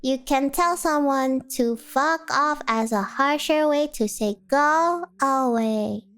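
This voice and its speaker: A woman streamer with a sore throat chats casually and playfully with her chat, giggling often and firing off lots of questions. Her voice is high-pitched, a bit slow, and fairly bright, with faint music playing behind her.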